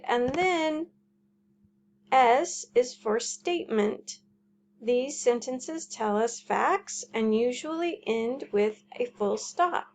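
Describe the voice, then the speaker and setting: A woman teacher explaining a homework sheet in a slow, careful way, walking through examples. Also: fairly high pitch, slight background noise.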